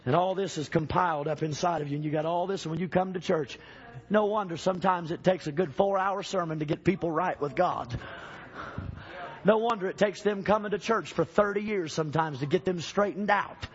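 A man preaches an emphatic sermon in church, a little fast, swinging from shouting to low urging as he calls out to the congregation. The sound is lo-fi.

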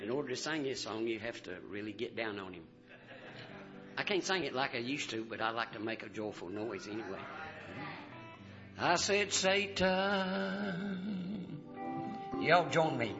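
A man's voice: on the low side, animated. A man singing a gospel song in a church service, drawing out each line and calling the congregation to join in. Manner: slow, drawn-out singing with call-and-response. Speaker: gospel singer. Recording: dull lo-fi church recording with music.

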